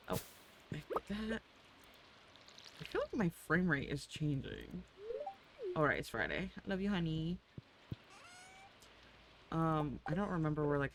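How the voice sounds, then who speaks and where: A woman's voice: low-pitched, noisy background. A woman streamer chatting casually while playing a farming game, swearing freely and cooing at her in-game animals. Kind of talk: casual gameplay chat.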